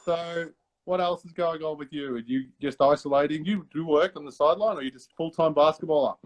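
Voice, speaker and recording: An older Australian man hosting a casual live interview over a video call, friendly and quick to laugh, calling his guest mate. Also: on the high side. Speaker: host.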